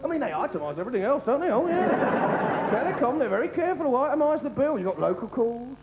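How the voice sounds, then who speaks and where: A man's voice: extremely high pitch, very animated, quick pace, a loud crowd, heavy background noise. A man doing a live stand-up routine, ranting with sarcastic mock disbelief. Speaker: stand-up comedian. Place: theatre stage. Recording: loud live-show ambience.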